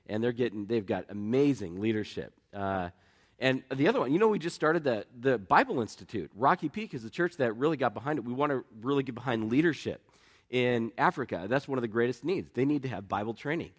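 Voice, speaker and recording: A man preaching a sermon as pastor, in a conversational storytelling way with self-deprecating humor, getting lively as he tells anecdotes. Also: medium pitch. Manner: lively, rising when telling anecdotes.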